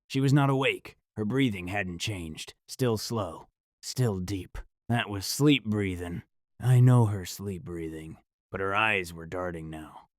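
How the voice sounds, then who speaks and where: A man with a low voice reads a scripted first-person horror story. His delivery is dramatic and measured, and the recording is dry and close, with no room sound. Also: dry recording.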